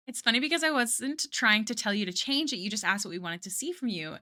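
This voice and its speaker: Bright-voiced chatty woman streamer. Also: on the high side. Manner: chatty, answers chat, many "like" fillers. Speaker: art streamer. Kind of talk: casual live-stream chat while drawing.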